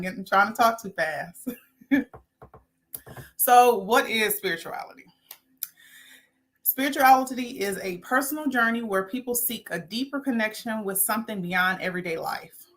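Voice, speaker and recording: A woman hosting a spiritual talk show, speaking loosely, often correcting herself and laughing lightly at her slips. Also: medium pitch. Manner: warm, rambling, self-correcting with little laughs. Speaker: host.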